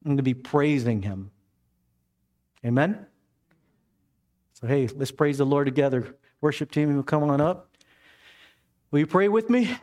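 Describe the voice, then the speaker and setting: A male pastor delivers a sermon. His voice sits a little on the higher side for a man, climbing much higher as he tells the stories and dropping low and soft when he wants a point to land. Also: a little slow, long pauses. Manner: animated preaching, voice rising high for stories and dropping soft for emphasis.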